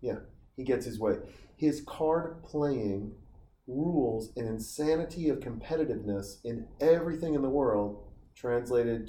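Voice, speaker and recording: A man's voice: medium pitch, dark tone. A man in his forties from Montana, telling stories in a casual, profane, wandering monologue outdoors. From Montana, USA. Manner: profane, tangent-prone storyteller. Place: outdoors on a summer vacation. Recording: roomy sound with faint ambience.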